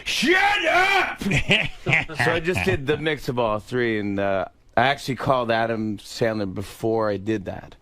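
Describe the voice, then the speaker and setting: A man's voice: lowish voice, normal speed, few pauses, dry recording. Male comedian guest telling stories. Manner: animated, slips into impressions. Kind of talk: casual interview storytelling.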